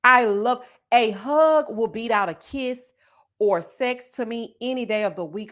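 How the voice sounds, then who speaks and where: A woman hosting a live reality-show review, her voice sitting a touch high and swooping all over as she talks. She is sassy and expressive, and she talks right to her viewers.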